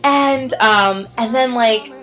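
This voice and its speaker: A woman's voice: on the high side, takes it slowly, fairly bright tone, low-quality recording. Chatty young woman vlogging, faint music. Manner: chatty, heavy on "like" and "um", acts out quotes. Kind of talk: casual vlog chat.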